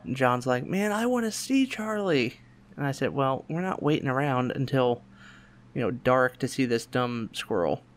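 A man, telling a family story in casual chat and acting out the quotes in raised voices. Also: normal speed. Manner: animated, acts out quotes in higher voices, laughs often. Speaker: podcast host.

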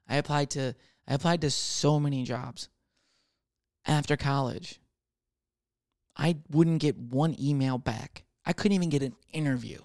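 A man's voice: a little high, measured pace, long pauses, darkish tone, no echo, studio quality. A man in his twenties telling a rambling, profane comic monologue with lots of restarts. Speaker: comedian.

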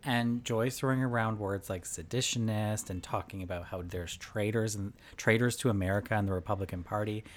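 A man with a somewhat low voice chatting on a podcast. He explains the story in a loose, chatty way, with plenty of fillers. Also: steady tone, fairly quick, few pauses. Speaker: podcast co-host. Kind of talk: casual chat.

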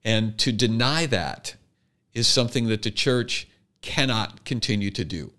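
A man's voice: lowish voice, a little slow, pushed and bright. A man co-hosting a podcast, talking earnestly in a casual chat and building his argument with restarts. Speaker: podcast co-host.

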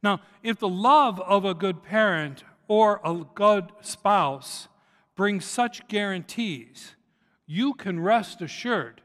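Middle-aged male preacher in a reverberant hall. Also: high voice. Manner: storytelling, rising loud on anecdotes and dropping soft on key points. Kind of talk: sermon. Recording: long reverb of a large hall.

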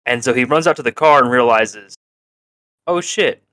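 A man's voice: medium pitch, fast talker, bright, forceful tone, no echo. A man co-hosting a podcast, recapping an episode in casual chat, laughing often and acting out characters' lines. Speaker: podcast co-host.

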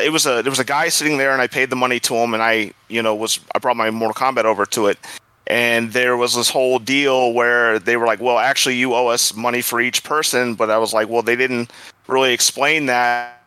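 A man guest on a gaming podcast, telling animated stories in casual chat and laughing often. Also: mid-range voice, no room sound, poor audio. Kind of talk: casual storytelling.

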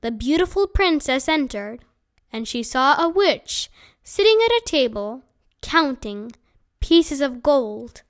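A woman reading a children's book aloud as a storyteller, gentle and unhurried. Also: high voice, very animated.

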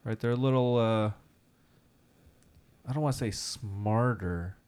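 A man co-hosts a casual podcast in a lower register. He tells stories in an animated way and acts out the people he quotes. He leans on fillers like "right?" and "you know.". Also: measured pace, smooth. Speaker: podcast co-host and teacher. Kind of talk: casual chat.

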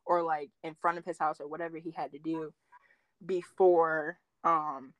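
A young woman telling dating stories in casual chat, full of "like" fillers and quoting others with big jumps in pitch. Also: normal speed, no echo. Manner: animated storyteller, acts out quotes with big pitch jumps, many "like" fillers.

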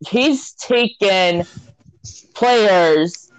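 A woman's voice: medium pitch, animated, drawn-out words, smooth, poor audio. A woman on a football talk show panel, answering hesitantly with many fillers. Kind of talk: casual sports chat.

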